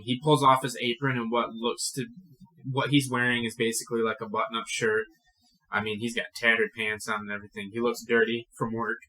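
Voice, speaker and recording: Casual bright-voiced young male game master. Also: mid-range voice, poor audio. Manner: casual, profane, with fillers. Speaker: dungeon master. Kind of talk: narrating a tabletop game.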